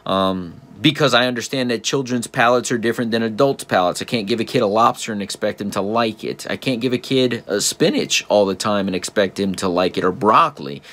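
A man with a slightly low voice talks through a story in a relaxed, chatty monologue. He keeps turning to his listeners with rhetorical questions and often restarts his words mid-thought. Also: brisk, hardly any pauses. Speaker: podcast host and father.

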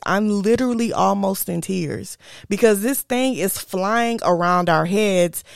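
A young woman hosting a podcast, telling a personal story in a chatty, animated way and talking straight to her listeners. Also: mid-range voice, vocal fry, dry recording, studio quality. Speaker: podcast host. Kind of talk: casual storytelling.

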